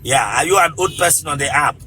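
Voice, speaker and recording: Bright-voiced Nigerian comedian host. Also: male voice, fairly high pitch, fast talker, slight background noise. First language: Igbo. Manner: blunt, teasing, bursts into shouting. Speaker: comedian host of a live stream. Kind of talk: comic live-stream chat.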